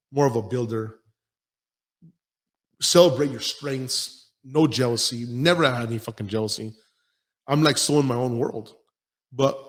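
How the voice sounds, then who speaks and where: A man in his forties with a mid-range voice delivers a rambling motivational monologue as a podcast host. He talks bluntly and intensely, swearing freely as he circles back over his points. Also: medium pitch. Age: 40s. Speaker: podcast host and gym owner.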